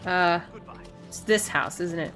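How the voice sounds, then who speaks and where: A woman's voice: on the low side, slow, fairly bright tone, faint music behind. A woman streaming a video game, chatting playfully and a bit silly with her viewers as she plays. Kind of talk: casual gaming stream chat.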